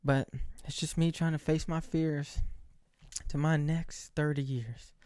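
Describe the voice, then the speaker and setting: His pitch sits fairly high and his tone stays level as this late-twenties man vlogs at a measured pace, rambling, self-mocking and frequently restarting in a casual monologue. The darkish, clean-toned voice has no echo, with studio-quality sound, indoors under bright lights.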